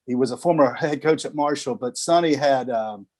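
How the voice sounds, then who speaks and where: His pitch is medium, his pace moderate, his tone darkish. This roughly sixty-year-old TV sports director shares casual stories in a video call interview, laughing a lot and repeating words at the start of phrases.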